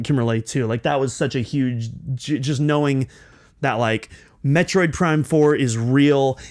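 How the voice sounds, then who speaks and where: Young male podcast host, excitable storyteller, stumbles and restarts, mid pitch. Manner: excitable, many restarts and fillers. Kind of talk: personal storytelling.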